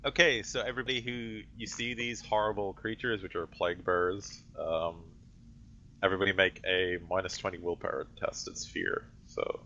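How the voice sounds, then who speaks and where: Very low-voiced man running a tabletop game. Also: fairly even intonation, normal speed, bright, forceful tone, highs cut off, slight background noise. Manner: rambling description full of fillers and self-corrections. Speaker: game master. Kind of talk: narrating a tabletop role-play game.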